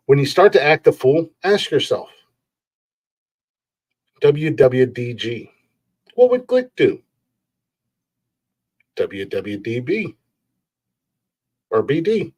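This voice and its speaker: A man hosting a podcast, ranting in a rambling, profane way and laughing at his own jokes. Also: medium pitch. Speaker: podcast host.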